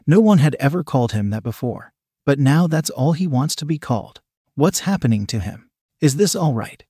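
A man narrating a scripted story in a measured, steady reading manner. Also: mid-range voice, breathy edge, no room sound, clean studio sound.

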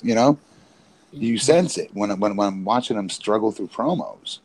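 A man's voice: on the low side, animated, normal speed, poor audio. A man co-hosting a wrestling podcast, talking casually and rambling with many restarts. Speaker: podcast co-host, former independent wrestler.

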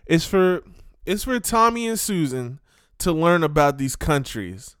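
A man with a high voice that swings widely in pitch, ranting in a casual monologue. He hammers the same rhetorical questions again and again and leans on streetwise slang. The recording is dry and close. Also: sing-song, a little slow, fairly bright tone, clear, resonant tone, no room sound.

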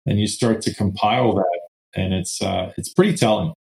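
A man's voice: low-pitched, fairly even intonation, normal speed, creaky, darkish tone, poor audio. A man who works as a franchise consultant, talking as a guest and explaining earnestly, with fillers now and then. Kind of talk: casual interview talk.

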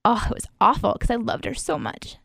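A woman's voice: a little high, very animated, a little fast, vocal fry, a bit bright, no echo, studio quality. A woman telling a personal story in casual conversation, rambling with many fillers and frequent laughs. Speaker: guest sharing her story.

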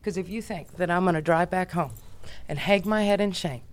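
An American woman, a business founder, telling a story as a podcast guest in a brash, profane, animated way. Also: on the low side, a little fast.

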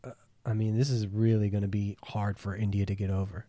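A man co-hosting a podcast in casual chat, talking haltingly with fillers. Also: lowish voice, flat delivery, dark tone, dry recording, clean studio sound. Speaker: podcast co-host.

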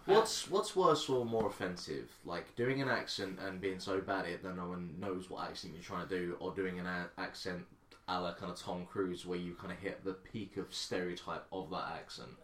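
A man's voice: sits low, moderate pace, fairly bright tone. A man co-hosting a casual gaming podcast, making dry, sardonic remarks. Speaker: podcast co-host. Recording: echoey, distant mic.

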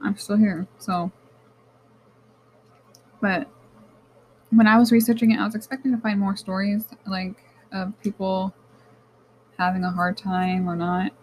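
A young woman at a medium pitch, talking in a frank, casual podcast monologue. Her storytelling is animated and blunt, with swearing scattered through it. There is faint noise beneath her voice. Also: measured pace, pauses often, rough recording. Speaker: podcast host.

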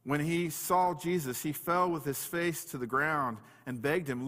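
An earnest male pastor delivers a sermon, reading scripture and stressing his points by repeating key words. His voice sits a little high. The room rings with a long reverb. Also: unhurried, few pauses, a bit bright.

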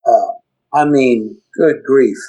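A man as a podcast guest telling a personal story, halting and emotional, often repeating words and restarting. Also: medium pitch, warm tone, slightly rough, poor audio.

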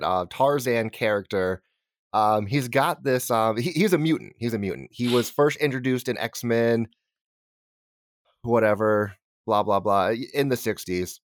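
A man chatting casually on a podcast, explaining things with many pauses and ums. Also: mid-range voice, no room sound, clean studio sound. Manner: hesitant, lots of ums and restarts. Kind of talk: casual chat.

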